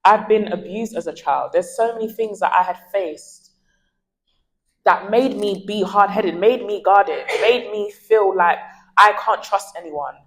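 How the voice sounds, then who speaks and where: In a candid interview, a woman in her twenties tells stories energetically as a guest, acting out the lines people said. She speaks unhurriedly at a medium pitch, and the recording is rough.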